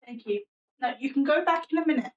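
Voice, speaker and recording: A woman's voice: high-pitched, expressive, fast talker, highs cut off. A woman hosting a casual live stream from her desk at home, chatting with viewers and her cat with a sarcastic, self-mocking humor.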